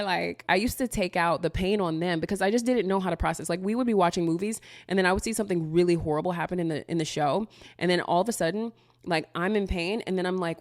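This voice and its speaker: A woman with a fairly low voice talks through viewer questions in a relaxed, unfiltered way. She leans on "like" constantly, curses freely and laughs between thoughts. The sound is dry, with no room echo. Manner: loose and candid, heavy use of "like", frequent swearing. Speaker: manifestation coach. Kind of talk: casual Q&A monologue.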